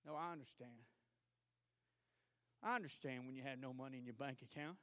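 A male pastor with a Southern US accent preaching a sermon, swinging between shouted exhortation and quiet storytelling. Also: mid-range voice, fairly quick, no room sound, studio quality. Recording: archived church service.

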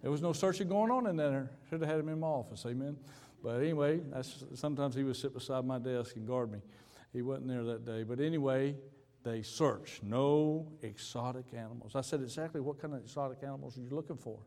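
A male pastor telling a story in a sermon, acting out both sides of a conversation with sudden leaps in pitch. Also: fairly quick. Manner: animated storyteller, acting out dialogue with big pitch jumps. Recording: hall reverb.

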